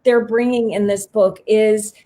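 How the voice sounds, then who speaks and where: Woman host on a video call, gushing and excited, medium voice. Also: mid-range voice, unhurried. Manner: enthusiastic and effusive. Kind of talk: hosting an interview on a video call.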